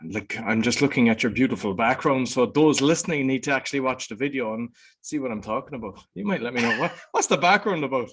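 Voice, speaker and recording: A man hosting a podcast interview in a relaxed, chatty way and laughing easily. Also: medium pitch, fast talker, breathy edge. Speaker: podcast host.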